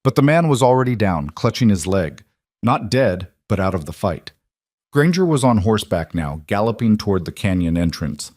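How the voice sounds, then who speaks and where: A man narrating a scripted western story in a steady, even way. His voice sits low. The sound is dry and close. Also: normal speed, no room sound.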